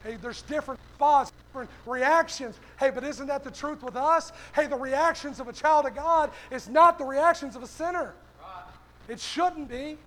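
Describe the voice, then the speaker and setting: A man's voice: very high voice, moderate pace, a bit bright. A male pastor preaching a sermon, punching his lines with a repeated "hey".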